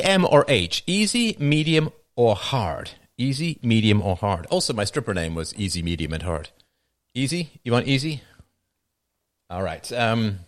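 A middle-aged man hosting a livestream, reading viewer comments aloud and answering them with dry, wry jokes. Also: on the low side. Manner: dry joking, wry asides. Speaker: livestream host.

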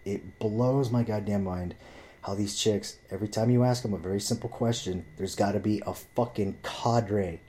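A man's voice: fairly low pitch, steady tone, normal speed, dark tone. A young man telling a story in a blunt, profane, heated rant; he grew up speaking Spanish. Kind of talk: casual ranting storytelling.

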